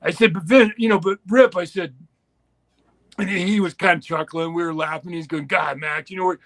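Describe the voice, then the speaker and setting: A man's voice: high voice, normal speed, fairly bright tone, dry recording. Profane older man telling a story. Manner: profane, laughing, acts out voices in stories. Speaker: guest storyteller. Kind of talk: crude casual storytelling.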